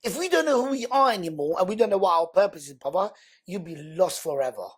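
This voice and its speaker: Husky man telling his story. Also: high voice, fast. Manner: animated, acts out quoted dialogue. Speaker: podcast guest. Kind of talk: conversational storytelling.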